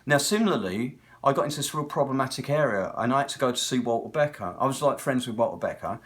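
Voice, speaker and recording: A man's voice: mid-range voice, animated, fast talker, a bit bright. A man in his sixties with a British accent, a guitar technician talking in a casual, rambling monologue that hops from one tangent to the next. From Britain. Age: 60s. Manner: digressive, talkative, tangent-hopping storyteller.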